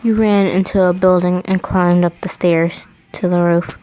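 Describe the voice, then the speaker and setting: A woman's voice: lowish voice, level tone, moderate pace, mellow, slight background noise, rough recording. A woman reading fan fiction aloud, breaking off to laugh and comment on it.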